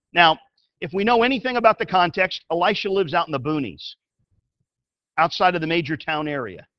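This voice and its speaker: A man preaching a sermon as a pastor. He tells the story in an animated way and swings from loud to hushed. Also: high-pitched, no room sound, lo-fi sound.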